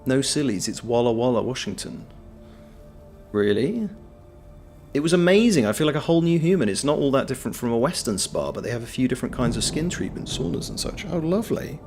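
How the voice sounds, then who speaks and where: A man giving casual, sweary live commentary on a game, yelling at enemies and chatting with viewers. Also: medium pitch, big pitch swings, brisk, soft background music. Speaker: game streamer.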